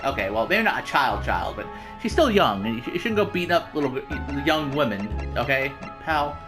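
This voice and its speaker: A man's voice: medium pitch, very animated, fairly quick. A man doing casual, jokey gameplay commentary as a let's play host, rambling with many stammered restarts. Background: game music.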